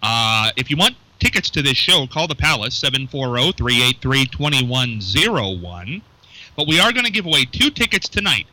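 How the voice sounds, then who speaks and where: A chatty male radio host talking casually in a small studio. His voice is very bright and animated, rising and falling freely. He jokes around and reads phone numbers slowly and carefully. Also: mid-range voice, no echo, poor audio. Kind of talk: casual local radio chat.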